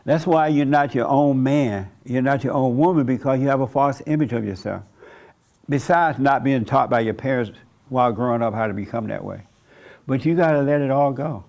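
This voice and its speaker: A man's voice: mid-range voice, normal speed, creaky, a little mellow. A man preaching a sermon in a conversational way, chuckling often and acting out the voices of people he quotes. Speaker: pastor.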